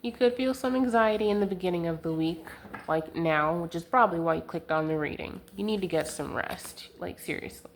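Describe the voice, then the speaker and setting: A woman's voice: on the low side, brisk, a little hiss or hum. A young woman giving a casual tarot reading to camera, chatty and giggly, full of fillers, talking into a handheld camera. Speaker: tarot reader. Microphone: handheld camera mic.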